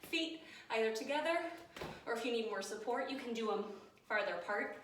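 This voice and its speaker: A fitness instructor leads a home workout, upbeat and coaching as she counts down each set, in a voice on the high side that is animated, fairly quick and a bit bright. A camera some distance away picks her up in an echoey room, with a little hiss or hum.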